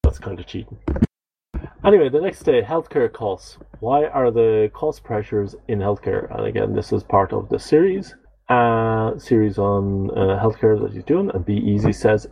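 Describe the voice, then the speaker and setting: A man's voice: lowish voice, normal speed, vocal fry, darkish tone, lo-fi sound, faint music behind. A man co-hosting a podcast, chatting casually and rambling through listener comments with lots of fillers and self-deprecating asides. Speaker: podcast co-host.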